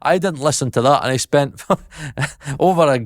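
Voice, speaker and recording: A man's voice: mid-range voice, moderate pace, no room sound, clean studio sound. A Scottish man in his thirties rambling self-deprecatingly in a casual vlog, laughing often. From Scotland. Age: 30s. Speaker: YouTuber and mixing engineer.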